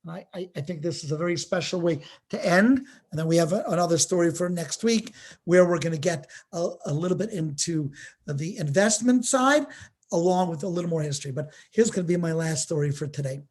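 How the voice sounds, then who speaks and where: A man's voice: on the high side, a little fast. A man, a rabbi, telling stories in a live-streamed art lesson, acting out quoted dialogue over a video-call mic. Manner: lively storyteller, acts out quoted dialogue.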